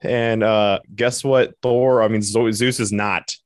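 Male co-host, low and dry, blunt opinions, casual cursing. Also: steady tone, takes it slowly, no echo. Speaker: podcast co-host. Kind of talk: casual chat.

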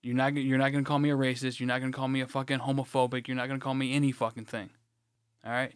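A man's voice: mid-range voice, level tone, very fast, smooth, no room sound, clean studio sound. A man co-hosting a podcast, telling stories in a profane, ranting way. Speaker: podcast co-host. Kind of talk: casual chat.

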